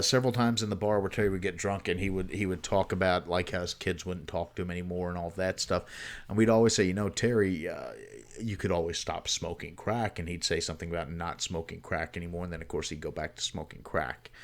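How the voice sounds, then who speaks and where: A man's voice: lowish voice, fairly bright tone. A man hosting a livestream, telling a story casually and at length, with swearing and many fillers. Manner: rambling, profane, with many fillers. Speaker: livestream host.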